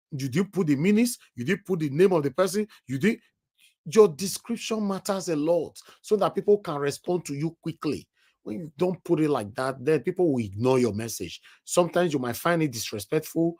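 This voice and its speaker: A man's voice: on the high side, lively intonation, brisk, a little mellow. A man with a Nigerian accent hosting a live call-in stream, chatting casually and speaking straight to his viewers with bits of pidgin. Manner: chatty, addresses viewers directly, mixes in pidgin. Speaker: live show host.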